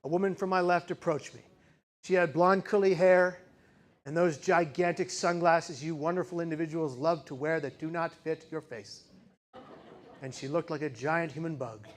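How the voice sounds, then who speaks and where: Speaking to a live audience, this keynote speaker dramatically recounts a personal story in a slightly high voice with a steady tone. He moves between heightened intensity and hushed, slow emphasis, putting rhetorical questions to his listeners.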